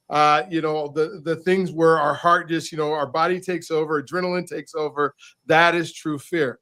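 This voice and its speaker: Animated storyteller, man, higher voice. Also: normal speed. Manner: animated, repeats words as he restarts. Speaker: podcast guest, author. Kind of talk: casual storytelling in conversation.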